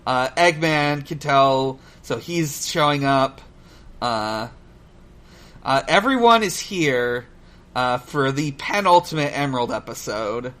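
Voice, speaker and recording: A man co-hosting a podcast in casual chat, halting with many fillers and restarts, swearing and laughing easily. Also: medium pitch, expressive, a bit bright. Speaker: podcast co-host. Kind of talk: casual chat recapping a cartoon.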